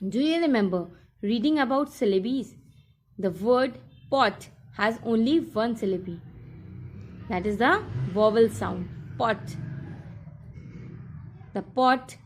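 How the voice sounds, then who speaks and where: A woman teacher talks a class through a workbook lesson, repeating each instruction as she goes. Her voice sits fairly high, and she takes her time over every step. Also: animated, slow, long pauses, slight background noise.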